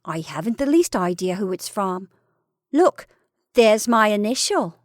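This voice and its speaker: A woman's voice: medium pitch, very animated, measured pace, no echo, studio quality. A woman voicing a playful young wife who teases and sings her lines. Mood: teasing. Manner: sing-song, bright and exclaiming.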